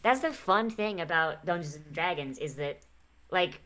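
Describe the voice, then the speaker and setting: A woman with a fairly low voice chats on a stream as a guest. She rambles and restarts, packs her sentences with filler, and swears freely. Her delivery stays loose and conversational. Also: expressive, moderate pace, a bit bright. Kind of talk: casual chat.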